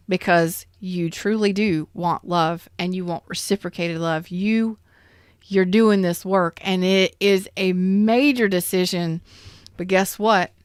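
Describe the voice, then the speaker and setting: A woman's voice: on the low side, fairly even intonation, measured pace, smooth, no room sound, studio quality. A woman giving a tarot reading to her viewers, earnest and emotional, repeating herself as she speaks straight to them. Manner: earnest, repetitive, emotional, addresses viewers directly. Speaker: tarot reader.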